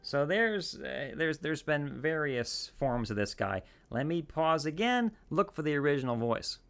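A man's voice: a little high, very animated, measured pace, vocal fry, a bit bright. A man hosting a podcast, talking in a casual, rambling way with lots of restarts and asides. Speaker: podcast host.

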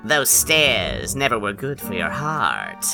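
A man's voice: lowish voice, huge pitch swings, slow pace, vocal fry, over music, exaggerated voice. A man voicing an uneasy young housewife in a comic dramatic reading, with an odd put-on accent. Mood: cheerful.

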